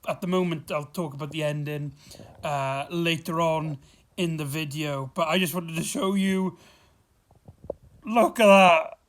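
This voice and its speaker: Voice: mid-range voice, fairly even intonation, moderate pace. A vlog host talking in a chatty, rambling way, full of fillers and restarts. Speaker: vlogger host. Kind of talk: casual vlog review. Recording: echoey room.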